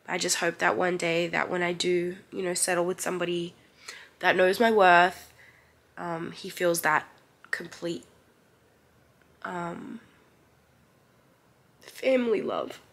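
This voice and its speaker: A woman's voice: on the low side, steady tone, takes it slowly, vocal fry, pauses often, fairly bright tone. A young woman vlogger talking candidly to the camera, crying through an emotional personal update. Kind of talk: personal vlog confession.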